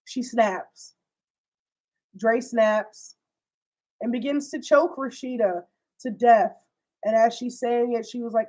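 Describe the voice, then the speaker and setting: A young woman with a slightly high voice, talking through a show's plot in a loose, slangy storytime way. She swears freely and acts out the characters' lines as she goes. Her delivery stays animated the whole way through. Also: slow pace, long pauses, rough recording. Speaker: host recapping a TV series. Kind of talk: casual storytime chat.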